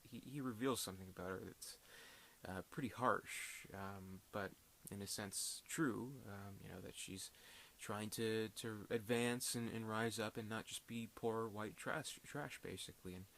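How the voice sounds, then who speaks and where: A man's voice: on the low side, steady tone, measured pace, fairly bright tone. A man casually reviewing a film, rambling with many fillers and restarts.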